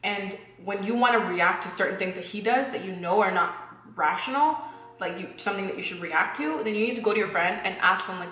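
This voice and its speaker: Talking fast in a mid-range, fairly bright voice, a young woman gives blunt, candid relationship advice in a casual chat. She swears freely and acts out little exchanges, and the echoey room carries faint music behind her.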